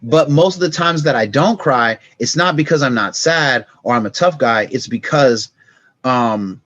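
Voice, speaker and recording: A middle-aged man, a podcast guest, telling stories in casual conversation, acting scenes out with sound effects and turning soft and reflective on emotional points. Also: medium pitch, measured pace, no room sound, muffled recording.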